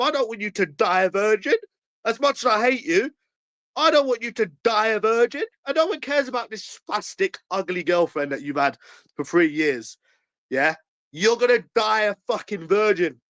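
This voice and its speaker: A man with a London accent, ranting angrily to camera in a repetitive, jeering way that breaks into shouts. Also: sits high, dry recording, poor audio. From England. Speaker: channel owner. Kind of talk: angry ranting monologue to camera.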